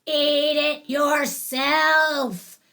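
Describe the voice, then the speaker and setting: A woman voicing a dybbuk, the spirit of a young man, speaking through a bride in a deep, scratchy, gravelly growl, slow and snarling. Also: little pitch movement, pushed and bright, full character voice.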